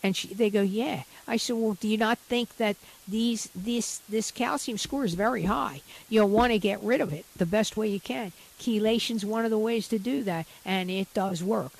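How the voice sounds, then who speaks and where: A woman's voice: medium pitch, normal speed, vocal fry, hardly any pauses, poor audio. A middle-aged woman doctor talking frankly and animatedly about her patients on a radio health show.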